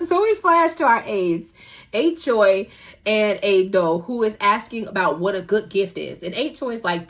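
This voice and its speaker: Animated young woman gushing over a drama. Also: a little high. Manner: animated, gushing, laughs often. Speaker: podcast host recapping a drama. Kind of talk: casual recap chat.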